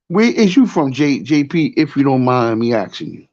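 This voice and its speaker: A man's voice: mid-range voice, very animated, normal speed, darkish tone, muffled recording. A man with a New York accent telling a rambling story in casual talk, often repeating "you know what I'm saying.". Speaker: show host.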